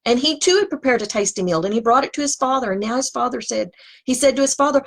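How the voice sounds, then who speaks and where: A woman's voice: on the high side, expressive, fast talker. A woman teaching scripture, reading the text aloud and breaking off into conversational asides. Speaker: Bible teacher.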